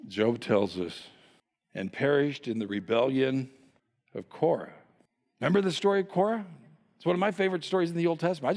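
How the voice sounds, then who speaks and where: Male pastor mid-sermon, high and animated, teasing rhetorical questions, long reverb of a large hall. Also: vocal fry.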